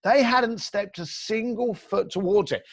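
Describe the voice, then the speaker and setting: Man, blunt, energetic, acts out dialogue, very dry podcast mic. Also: sits high, unhurried, dry recording. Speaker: entrepreneur guest. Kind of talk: animated storytelling advice.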